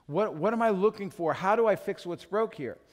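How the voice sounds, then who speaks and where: A man preaching a sermon as pastor, animated and acting out little scenes as he teaches. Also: high voice, fairly quick. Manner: animated, acts out quotes in other voices. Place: church. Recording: long reverb of a church hall.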